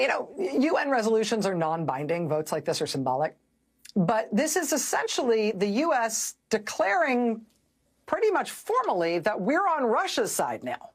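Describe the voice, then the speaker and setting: A woman's voice: medium pitch, slightly rough. A middle-aged woman hosting a news show, delivering sardonic, incredulous commentary.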